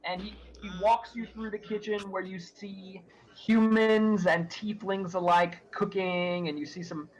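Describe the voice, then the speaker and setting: A man with a fairly high voice narrates a tabletop role-playing session as game master. He rambles, circling back with fillers and restarts as he describes each scene. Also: fairly even intonation, unhurried, poor audio.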